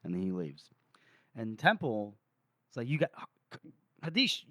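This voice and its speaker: A man's voice: fairly low pitch, very animated, a bit bright, no echo, clean studio sound. A man co-hosting a podcast, retelling book scenes in casual talk, quoting characters and stumbling over restarts. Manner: quotes characters in quick voices, stammers and restarts. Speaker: podcast co-host.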